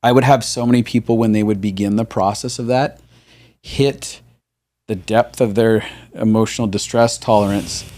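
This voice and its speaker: A man hosting a podcast, talking earnestly in a reflective conversation and often restarting his sentences. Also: lowish voice. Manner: earnest, halting restarts, animated when retelling others. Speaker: podcast host.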